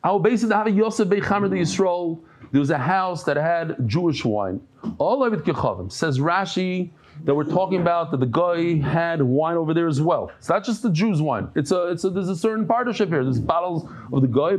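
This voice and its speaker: A man's voice: on the high side, fairly quick. A man giving a daily Talmud class, telling stories and jokes with many restarts and Yiddish terms. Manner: animated storytelling with frequent restarts and Yiddish terms; humorous asides and jokes. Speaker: Talmud teacher.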